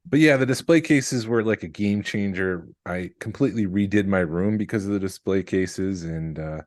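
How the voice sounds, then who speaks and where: A man co-hosting a podcast in casual chat, teasing with a dry, self-mocking wit. His voice sits low. The recording is dry, with no room sound. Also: moderate pace, a little mellow, dry recording. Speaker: podcast co-host.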